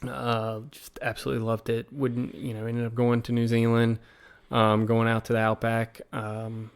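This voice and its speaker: A man's voice: medium pitch, monotone, moderate pace, clear, resonant tone. A man with a Southern American accent from Virginia, telling stories as a podcast guest in a rambling, casual way with lots of fillers. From Virginia, USA. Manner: rambling, full of fillers and quoted asides. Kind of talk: casual conversational storytelling.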